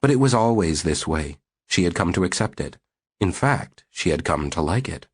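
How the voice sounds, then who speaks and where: A man reading a novel aloud as audiobook narrator in a steady, measured way. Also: low-pitched, slightly rough. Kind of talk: scripted narration.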